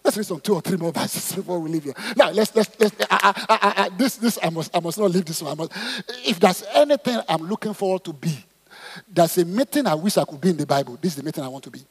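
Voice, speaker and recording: A man preaching a sermon, reading scripture and calling on the congregation to respond, swinging between loud exclamations and soft asides. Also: high voice, fast, slightly rough. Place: church auditorium. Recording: long hall reverb in church auditorium.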